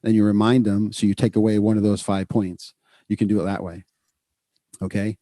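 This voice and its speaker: A man hosting a podcast, explaining child behavior training in a casual, animated way and acting out what parents and kids say. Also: lowish voice, fairly quick, dry recording, clean studio sound. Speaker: podcast host, clinician.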